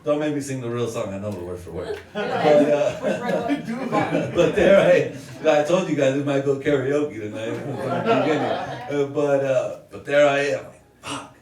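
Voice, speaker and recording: A man's voice: medium pitch, moderate pace. Rambling self-mocking man at an open mic. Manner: rambling, self-mocking, laughs at own jokes. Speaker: stand-up comedian. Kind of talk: stand-up comedy set. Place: small comedy open mic venue with audience. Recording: roomy sound from a distant mic, crowd noise. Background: audience laughter.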